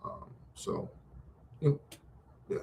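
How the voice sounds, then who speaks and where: A man's voice: takes it slowly, darkish tone, a little hiss or hum. A middle-aged man, talking casually and loosely in slang, full of restarts, as a guest on a livestream. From Brooklyn, New York. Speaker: guest, educator running a program.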